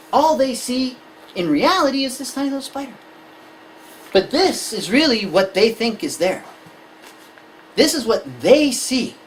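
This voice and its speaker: A woman's voice: medium pitch, slight background noise, rough recording. A woman giving a conversational lecture to parents on anxiety in children, explaining with everyday examples. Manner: conversational, illustrates with examples and acted-out scenes.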